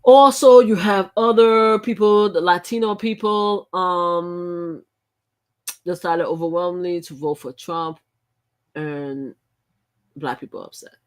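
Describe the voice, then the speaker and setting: This is a middle-aged woman running a live stream and chatting casually. Her voice is lowish and clean, the pace slow, and she tends to ramble, stress her words and start over often.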